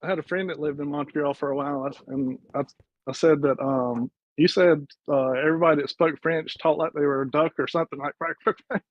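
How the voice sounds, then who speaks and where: A man's voice: on the high side, fairly even intonation, a little fast, dull audio, a little hiss or hum. A man in casual podcast chat, telling a rambling story with lots of fillers and laughter.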